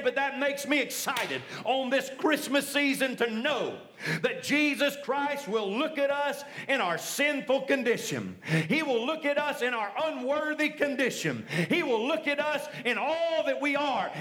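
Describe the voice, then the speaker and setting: A man pastor preaching a sermon, repeating key phrases and swinging between raised emphasis and lower, explanatory passages. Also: sharp tone.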